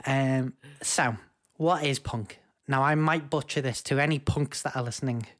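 A young man co-hosting a podcast over a video call, full of jokey enthusiasm. He rambles happily from one aside to the next on a home mic, his voice sitting at an ordinary pitch. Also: steady tone, moderate pace, fairly bright tone. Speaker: podcast co-host. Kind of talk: casual chat.

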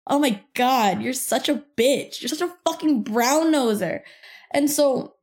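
A young woman hosts a casual podcast, telling a petty workplace story full of swearing. Her voice sits a little high, and she tells it in an animated way. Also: unhurried. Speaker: podcast host.

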